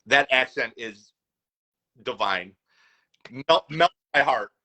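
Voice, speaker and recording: Guest, man from Chicago, bright and forceful, eager. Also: medium pitch, expressive, slow, low-quality recording. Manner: eager and upbeat, many "you know" fillers. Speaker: guest, food business owner. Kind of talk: casual chat.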